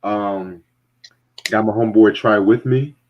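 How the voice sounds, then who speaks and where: Soft music plays behind the young podcast host, whose lowish voice moves a little slowly over a dull lo-fi recording. A music reviewer by trade, he talks bluntly and animatedly, laughing often and swearing freely in casual profane chat.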